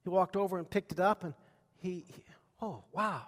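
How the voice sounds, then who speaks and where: Folksy pastor in a reverberant hall. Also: male voice, high-pitched, steady tone, fairly quick. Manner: folksy, many fillers, asks the congregation questions. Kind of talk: sermon with personal stories.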